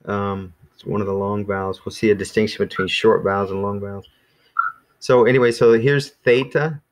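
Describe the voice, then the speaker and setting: Low-voiced man teaching casually. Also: moderate pace. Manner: relaxed, rambling, many ums and restarts. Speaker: Greek teacher.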